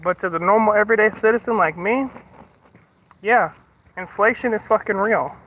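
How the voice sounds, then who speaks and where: High-pitched, bright and forceful, the voice belongs to a streamer from the United States speaking at a moderate pace. He curses freely while ranting in casual chat before turning apologetic, all in slightly muffled stream audio.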